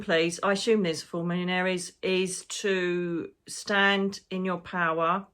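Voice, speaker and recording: A woman's voice: on the low side, level tone, a little slow, hardly any pauses, fairly bright tone, smooth. A woman, a psychic medium, talking through her predictions in a rambling, emotional, casual way and swearing now and then. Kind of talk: casual spiritual monologue.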